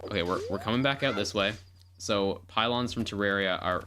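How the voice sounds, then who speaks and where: Over game music, a woman with a very deep voice chats casually while livestreaming a game, rambling playfully, narrating her own actions and repeating words. She speaks slowly, pausing often, and her pitch swoops wildly.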